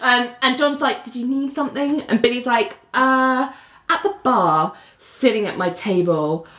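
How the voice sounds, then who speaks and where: A woman's voice: a little high, measured pace, echoey room. A woman co-hosting a podcast, retelling a show's episode in casual chat and acting out the characters' lines. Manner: animated, acts out characters' lines while retelling. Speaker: podcast co-host.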